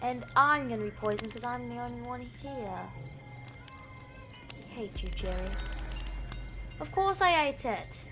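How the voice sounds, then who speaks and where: A woman's voice: on the high side, animated, unhurried, long pauses, over music. A woman with a New Zealand accent hosting a gaming channel, playing a horror game and talking dramatically to the characters, jumpy and easily scared.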